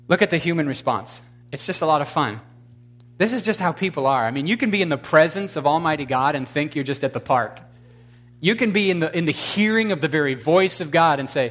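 A man's voice: fairly high pitch, expressive, fairly quick, a bit bright. A man preaching a sermon with emphatic delivery. He questions his congregation, adds wry, blunt humor, and builds to fervent exclamations. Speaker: pastor.

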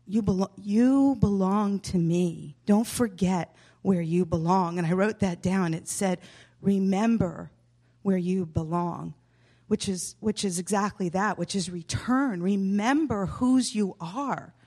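A woman's voice: mid-range voice, slow pace, mellow. A woman gives a testimony at a church service in a mid-range voice. She speaks earnestly but hesitantly, stopping and restarting often. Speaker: church member sharing a vision.

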